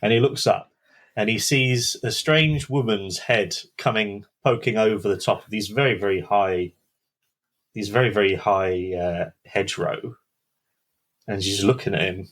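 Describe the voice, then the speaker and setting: A man with a low, deep voice that has a husky edge. He tells a spooky tale in a casual way. He drops to a hush and pauses to build suspense. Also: rough recording. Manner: dramatic pauses, hushed build-ups. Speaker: podcast co-host. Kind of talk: casual storytelling.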